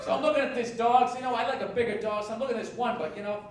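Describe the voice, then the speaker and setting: Talking very fast in a very high-pitched voice with fairly even intonation, a male comic rants sarcastically and profanely through his stand-up set. Laughter and crowd noise fill the echoey, distant, noisy stage recording.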